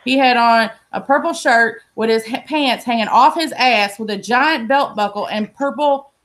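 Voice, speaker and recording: A woman's voice: on the high side, normal speed, fairly bright tone. A woman telling a story in a casual, blunt and profane way. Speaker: podcast host telling a story.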